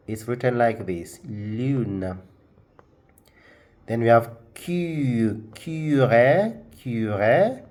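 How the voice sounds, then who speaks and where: A man walks learners through a pronunciation lesson in an unhurried, patient way. He says each practice word several times so they can copy it. His pitch sits in an ordinary middle range. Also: a little mellow. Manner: slow, patient, repeats words for practice. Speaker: language teacher. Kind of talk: screen-share lesson.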